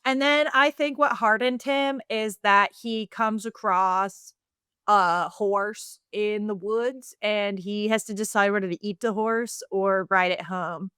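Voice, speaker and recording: A woman co-hosting a casual podcast, spinning a silly story with plenty of "like" and "um." Her voice is smooth and clear, recorded dry on a close mic. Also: mid-range voice, fairly even intonation, takes it slowly, a bit bright, no echo. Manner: playful storytelling, lots of fillers. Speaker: podcast co-host. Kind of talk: casual chat.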